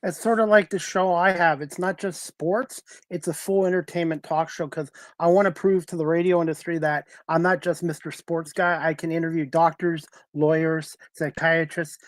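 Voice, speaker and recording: A man hosting a talk show over a video call, asking guests steady, earnest questions. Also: fairly high pitch, dry recording. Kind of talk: casual interview.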